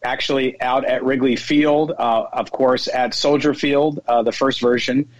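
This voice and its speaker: A man's voice: medium pitch, fairly even intonation, measured pace, no room sound, dull audio. A man from the Chicago area, a sports podcast guest, telling his background with some restarts. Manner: fluent storytelling with some restarts. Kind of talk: casual interview talk.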